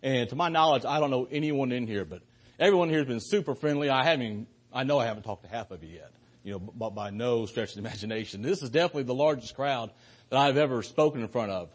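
Husky, lively-voiced visiting preacher. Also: male voice, medium pitch, fast. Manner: earnest, building to fervent emphasis. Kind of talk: sermon. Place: church.

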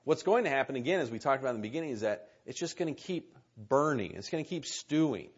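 An earnest male preacher delivering a sermon and reading scripture aloud, often repeating his key words. His voice is husky and mid-pitched. The recording sounds muffled and lo-fi. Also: lively intonation, fast talker.

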